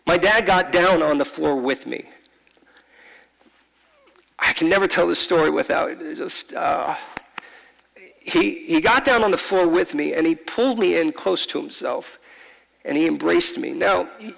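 A man preaching to his church in a fairly high, gravelly voice. He tells the story from the heart, stumbling and repeating words as he goes. His voice rings with the long echo of a big church hall. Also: expressive, fairly bright tone. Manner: heartfelt, halting, repeats words, slows for emphasis. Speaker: pastor. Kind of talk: sermon storytelling. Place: large church.

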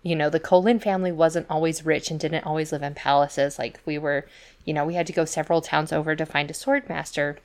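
A woman with a deep, low-pitched voice chats casually as a podcast co-host. She rambles through stories full of "like" and "you know" and slips into the voices of the people she quotes. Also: steady tone, fairly quick, a little mellow. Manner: chatty storytelling full of fillers and asides; acts out quoted voices in retellings. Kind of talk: casual chat.

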